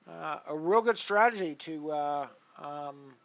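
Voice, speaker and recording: A man commentating his poker stream in a casual, rambling way, full of restarts, his loudness rising and falling as he goes. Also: a little high, takes it slowly, gravelly, lo-fi sound. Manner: rambling, with many restarts and big swings in loudness. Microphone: headset.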